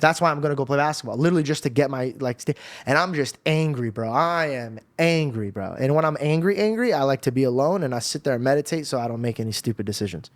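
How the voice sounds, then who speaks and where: A man's voice: medium pitch, quick pace, no echo. A young man telling an emotional personal testimony on a podcast, talking casually with slang. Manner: casual, animated storytelling with slang. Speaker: podcast guest.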